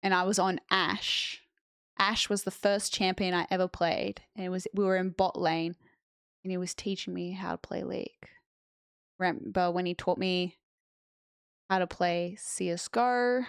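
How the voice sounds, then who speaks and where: A woman's voice: on the low side, fairly even intonation, moderate pace, creaky, clean tone, no room sound. A young woman streamer chatting casually with her viewers and answering chat on a close mic.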